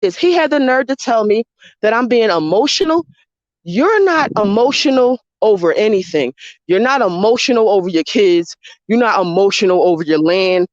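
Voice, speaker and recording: A woman's voice: medium pitch, animated, normal speed, no echo, lo-fi sound. Woman ranting heatedly into a phone. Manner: heated, profane, repetitive. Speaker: livestreamer. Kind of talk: live-streamed rant to viewers.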